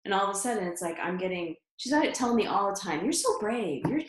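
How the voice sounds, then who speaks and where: With a medium-pitched voice and a quick pace, a middle-aged interview guest tells her own story animatedly, breaking into laughter and restarting sentences. The sound carries a roomy echo.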